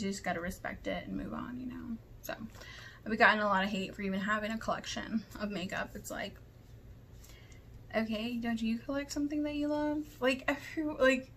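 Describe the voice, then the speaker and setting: A woman's voice: mid-range voice, slight background noise. A woman beauty vlogger talking candidly in a rambling rant, sometimes dropping into whispers. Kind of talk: casual vlog rant.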